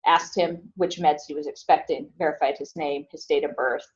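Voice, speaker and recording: Woman lecturer, low-ish voice, casual classroom delivery, dull lo-fi recording. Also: fairly even intonation, moderate pace. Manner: conversational, asks the class questions. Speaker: instructor.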